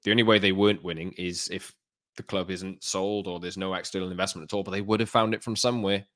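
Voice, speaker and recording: Deep-voiced man, measured podcast talk. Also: fairly even intonation, fairly bright tone, dry recording. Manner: measured, with fillers and restarts. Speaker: podcast co-host. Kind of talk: casual football chat.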